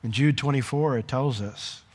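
A man preaching a sermon in a conversational, animated way, with asides to the congregation. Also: mid-range voice, measured pace, slightly rough, in a large hall. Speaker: pastor.

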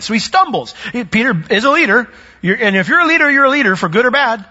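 A male pastor preaching a sermon in an animated way, often acting out the voices of the people he quotes. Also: very high voice, fast. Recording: echoey hall, dull lo-fi sound.

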